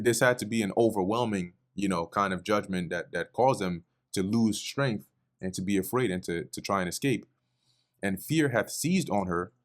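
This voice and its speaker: A man teaching the Bible verse by verse, reading passages aloud and explaining them in a casual, conversational way with frequent fillers. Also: lowish voice. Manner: reads scripture then explains in casual asides, with fillers.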